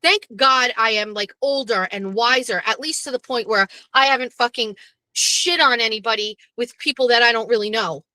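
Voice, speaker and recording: A woman's voice: a little high, moderate pace, pushed and bright, dry recording, rough recording. A middle-aged woman hosting her own show, venting bluntly and profanely in a rambling monologue from her parked car. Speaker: host.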